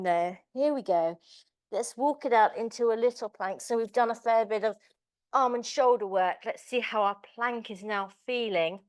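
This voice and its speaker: Chirpy woman leading pilates. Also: a little high. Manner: chirpy, encouraging, chatty asides to class members. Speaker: pilates instructor. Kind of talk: live online fitness class cueing.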